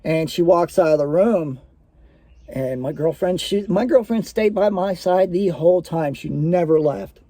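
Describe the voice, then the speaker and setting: A man with a somewhat high but mellow voice talks through a personal story off the cuff. His delivery rambles and is full of fillers, and the sound is dry and close. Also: measured pace, no echo. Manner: rambling, conversational, many fillers.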